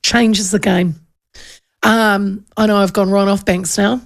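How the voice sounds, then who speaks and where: A woman hosting a radio show, talking. She chats casually and rambles from one story to the next, often restarting her sentences. Her voice has a gravelly, creaky edge. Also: medium pitch, steady tone, takes it slowly. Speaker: radio host. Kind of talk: casual chat.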